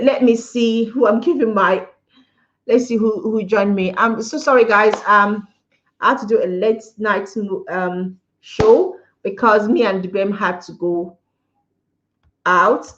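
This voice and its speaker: A woman's voice: mid-range voice, muffled recording. A woman hosting a casual livestream, giving an emphatic opinion, repeating her points and talking to viewers. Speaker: livestream host. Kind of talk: casual live-stream commentary.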